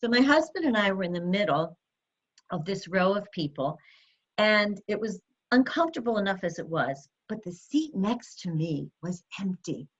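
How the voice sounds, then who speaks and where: A woman's voice: mid-range voice, sing-song, normal speed, husky. Woman in her sixties, motivational talk with a mid-range voice, direct and coaching; slightly muffled recording. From United States. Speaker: speaker.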